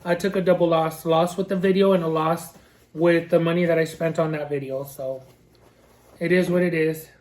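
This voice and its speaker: A woman's voice: low-pitched, steady tone, moderate pace, darkish tone. A woman food vlogger talking casually to camera in a sassy, ranting way and laughing often. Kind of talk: casual mukbang vlog chat.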